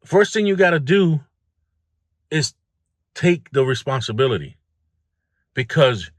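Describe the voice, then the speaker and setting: This man's medium-pitched voice swings widely in pitch, moving at a measured pace with long pauses, captured in a dry recording. Hosting a self-improvement video, he gives a candid motivational monologue about his struggles, blunt and plain-spoken, aimed right at the viewer.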